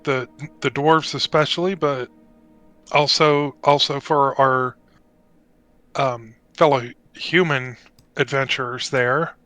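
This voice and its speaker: Slow, bright-voiced player. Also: male voice, medium pitch, fairly even intonation, faint music behind. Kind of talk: in-character tabletop play.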